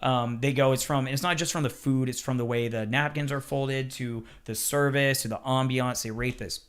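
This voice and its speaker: A man who works as a chef, talking casually on a podcast, telling animated stories with swearing and acted-out quotes. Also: mid-range voice, normal speed, clear, resonant tone.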